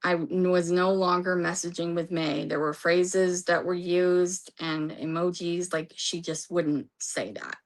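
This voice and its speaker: A woman's voice: lowish voice, little pitch movement, unhurried, few pauses. A woman recapping a court trial in a casual, rambling way, reading from her notes and losing her voice. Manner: rambling, restarts, reads from notes.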